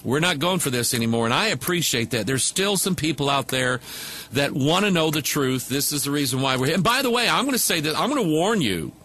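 A man's voice: fairly high pitch, very animated, brisk, pushed and bright, slight background noise. A man preaching to a camera microphone, talking loosely with many fillers and restarts. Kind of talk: casual video commentary.

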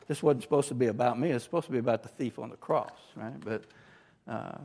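A man preaching in a big hall, his voice trailing off into long reverb. He talks with emphatic conviction and keeps tossing out "right?" and "amen?" to the congregation. His pitch sits in a middling range. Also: warm tone. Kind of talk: sermon with personal testimony.

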